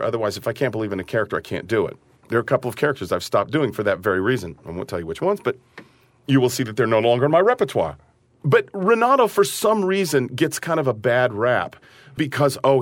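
A man who is an opera singer talking in an interview about a role he sings, animated and acting out his character's lines. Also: mid-range voice, no echo, studio quality. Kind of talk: interview conversation.

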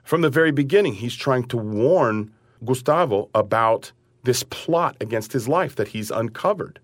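A man who is an opera singer talking in an interview about a role he sings, animated and acting out his character's lines. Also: mid-range voice, moderate pace, no room sound. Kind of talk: interview conversation.

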